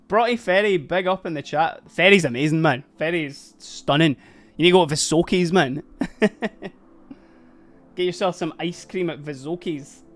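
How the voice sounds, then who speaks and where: A man's voice: fairly high pitch, measured pace. A young man with a Dundee Scottish accent, chatting casually with his stream while painting, laughing often and dropping Scottish slang. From Dundee, Scotland. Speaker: livestream host painting miniatures. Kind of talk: casual streaming chat with viewers.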